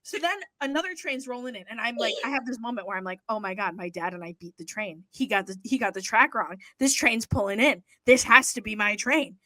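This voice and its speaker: A young woman co-hosting a podcast, telling a story in casual chat, animated and swearing freely as she acts out what people said. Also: a little high, fairly quick, hardly any pauses, no echo. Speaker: podcast co-host.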